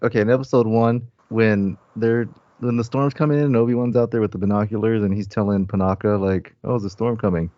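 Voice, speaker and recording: A man co-hosting a podcast in casual chat, easygoing and quick to laugh. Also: lowish voice, mellow, no room sound. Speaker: podcast co-host. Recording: dry, dull lo-fi sound.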